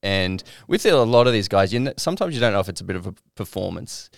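A man's voice: deep voice, very animated, fast talker, vocal fry, dry recording, clean studio sound. A man hosting a casual podcast, talking loosely with lots of fillers and swearing. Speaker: podcast host.

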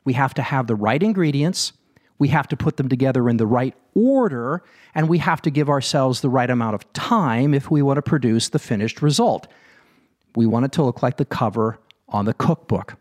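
A man's voice: mid-range voice, expressive, moderate pace, darkish tone. A man giving a motivational talk, asking rhetorical questions and speaking straight to his listeners. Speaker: self-help speaker.

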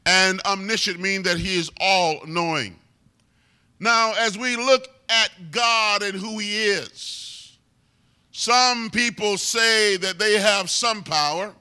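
A man delivers a sermon in a high, very bright voice. He speaks at an unhurried pace, teaching steadily and then building to loud crescendos. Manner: preaching with rising, shouted crescendos. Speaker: preacher.

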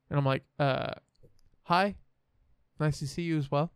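A man's voice: a little high, expressive, normal speed, clear, resonant tone, no echo, clean studio sound. A young man from the American Midwest, hosting a podcast and telling a story in a rambling, profane, self-assured way. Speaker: podcast host. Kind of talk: casual storytelling chat.

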